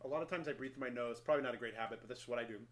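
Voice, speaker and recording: A man's voice: mid-range voice, very fast. A middle-aged brass player casually walking through his daily practice routine, candid and self-deprecating, thinking aloud with small restarts. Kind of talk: casual instructional talk.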